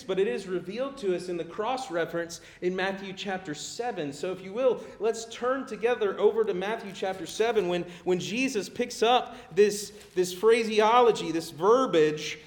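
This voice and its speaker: A middle-aged man preaching a sermon in a conversational way. He gets animated when he acts out people pleading. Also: sits high, moderate pace. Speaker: pastor. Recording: echoey room.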